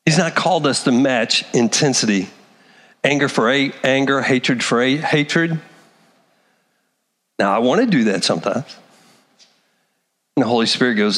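Animated male preacher in a reverberant hall. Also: medium pitch, moderate pace, pauses often. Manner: animated preacher, acts out quoted voices. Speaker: pastor. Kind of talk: sermon.

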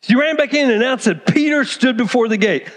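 A man preaching a sermon, telling a scripture story with lively acted-out asides and direct questions to the congregation. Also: very high-pitched, a little fast. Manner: animated storytelling, acts out characters. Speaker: pastor. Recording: long hall reverb.

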